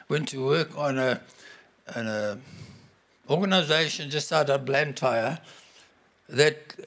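A middle-aged man preaching a sermon to a congregation, emphatic and animated. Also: fairly high pitch. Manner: animated, emphatic, bursts into acted-out quotes.

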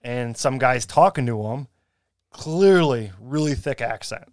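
A man's voice: medium pitch, expressive, unhurried, dry recording, studio quality. A man telling a story in a casual chat, rambling with fillers and laughing. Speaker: podcast guest telling a story.

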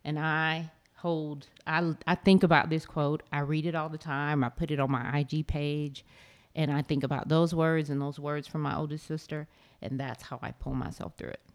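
A woman with a doctorate speaking as a guest panelist, reflective and halting, with many pauses and restarts. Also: low-pitched, flat delivery. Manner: hesitant, halting, soft-spoken.

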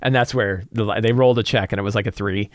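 A man acting as game master, giving an animated, casual recap of his tabletop session full of fillers. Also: on the low side, quick pace, dry recording, studio quality. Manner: animated retelling with many fillers.

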